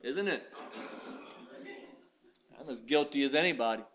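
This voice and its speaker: A man preaching a sermon, telling stories and swinging from quiet asides to loud, high exclamations. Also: unhurried. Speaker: pastor.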